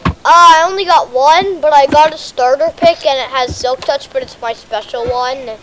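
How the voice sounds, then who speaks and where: A young female gamer chatting casually while playing, excitable and a bit bossy, slightly sick. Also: sits high, moderate pace, slight background noise, poor audio. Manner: excited, bossy about the game. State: a little sick. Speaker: gamer host. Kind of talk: casual game chat.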